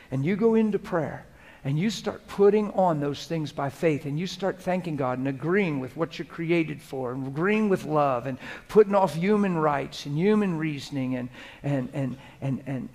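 A pastor preaching a sermon to a congregation in a room, talking straight to the people in front of him. He swings from soft, hushed prayer to loud, lively preaching. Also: a little high. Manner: earnest, conversational preaching, addressing the room directly. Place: church hall before a congregation.

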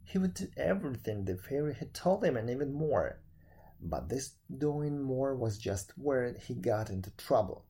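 A man reading a folk tale aloud as narrator, with dramatic, expressive delivery. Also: mid-range voice, normal speed, husky.

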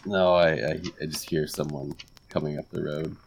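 A man casually describing his character's actions as a player, relaxed and quick to laugh. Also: rumbling low, vocal fry, a little hiss or hum. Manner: relaxed, laughs easily, hedging. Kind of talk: casual tabletop play.

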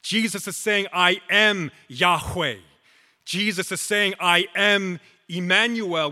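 Pastor, male, slow emphatic sermon delivery, bright tense tone, reverberant hall. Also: sits high. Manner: slow, emphatic preaching with dramatic pauses.

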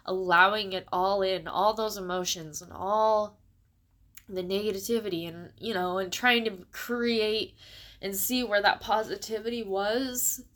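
A young woman talks through her feelings in a personal monologue. Her voice is halting and emotional, and she stays close to tears. She pauses often and starts her sentences again. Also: mid-range voice, steady tone, fairly bright tone. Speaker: vlogger.

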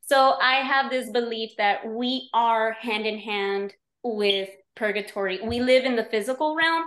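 A woman guesting on a podcast, talking in a casual, animated way with many fillers. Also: fairly high pitch, unhurried, echoey room. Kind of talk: casual conversation.

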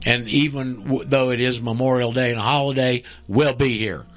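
A man hosts a call-in radio show in blunt, folksy talk. He is emphatic and easily frustrated, and his voice sits at an ordinary middle pitch. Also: steady tone, normal speed, faint music behind.

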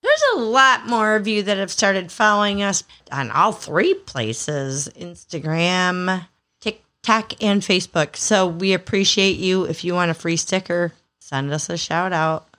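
A woman's voice: on the low side, a little slow, a bit bright. Chatty, swearing Michigan woman podcast host. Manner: chatty, swears freely, laughs easily. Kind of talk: casual chat.

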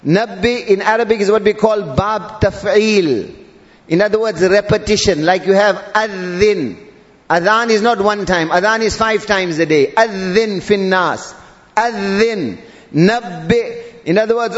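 A man's voice: high-pitched, a little slow. A male preacher delivering a sermon, drawling and repeating Arabic terms with rising emphasis. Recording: dull audio in a long-reverb hall.

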